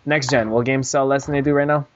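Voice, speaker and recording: A man's voice: mid-range voice, fairly even intonation, fast talker, lo-fi sound, slight background noise. A man hosting a gaming podcast, joking and teasing his co-host in casual, rambling banter.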